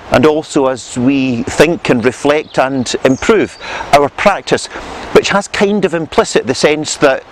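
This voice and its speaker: A man teaching theological reflection to camera outdoors in a measured, earnest, gently pastoral manner. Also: mid-range voice, slight background noise. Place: outdoors on a rural path and hillside.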